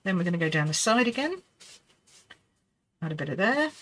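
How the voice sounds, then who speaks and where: A middle-aged woman hosts a live card-making lesson, chatty and reassuring, laughing often and talking to herself as she works. Her voice is fairly low and fairly bright, with big pitch swings and a brisk pace.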